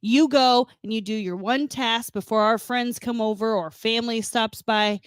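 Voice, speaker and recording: A woman's voice: fairly high pitch, steady tone, moderate pace, clean tone, no room sound, clean studio sound. A woman co-hosting a morning radio show, bantering casually in a teasing manner and laughing often. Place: radio studio.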